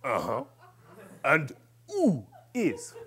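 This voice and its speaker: A man voicing a French seminar facilitator in an exaggerated fake French accent, slow and drawling. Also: mid-range voice, huge pitch swings, a bit bright, exaggerated voice. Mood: probing.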